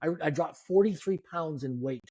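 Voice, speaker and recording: A man in his fifties, a guest telling animated, self-deprecating stories in a conversation. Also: fairly high pitch, normal speed, husky. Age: 50s. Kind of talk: storytelling in a conversation.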